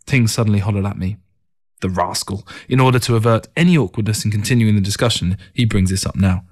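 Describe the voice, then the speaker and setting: A man reading a first-person story as an audiobook, in a measured, reflective narration. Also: fairly low pitch, darkish tone.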